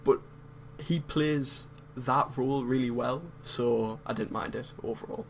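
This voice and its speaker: A man's voice: mid-range voice, fairly even intonation, measured pace, a little hiss or hum, poor audio. English man giving a film review. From England. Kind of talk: casual podcast chat.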